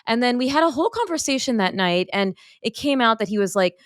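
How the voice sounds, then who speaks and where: A woman's voice: on the high side, expressive, quick pace, dry recording, clean studio sound. A woman podcast host and pediatrician in casual interview chat, telling personal stories in an earnest, open way.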